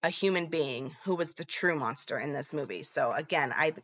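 Woman with a bright, tense voice. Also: sits low, normal speed, lo-fi sound. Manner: chatty, many fillers and "like". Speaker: movie recap vlogger. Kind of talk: casual plot retelling.

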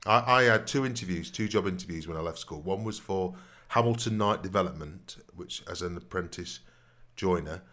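A man's voice: low-pitched, normal speed, bright, forceful tone. A man telling long, rambling stories in a casual podcast chat, often adding "you know what I mean". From Nottingham, England. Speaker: podcast co-host.

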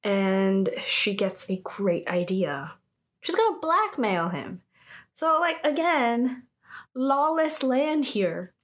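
Chatty young woman recapping a drama. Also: fairly high pitch. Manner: chatty, heavy use of "like", animated reactions. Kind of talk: casual retelling of a drama episode.

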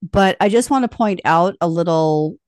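A woman with a fairly low voice adds corrections and details to a casual movie chat. Her voice sounds dry and close, with no room echo. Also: a little mellow. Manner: quick corrections and interjections. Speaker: podcast co-host.

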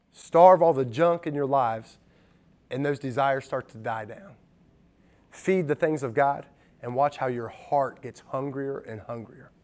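Middle-aged male pastor, slightly higher voice, chatty sermon delivery with acted-out asides. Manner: conversational, acts out quotes in varied voices.

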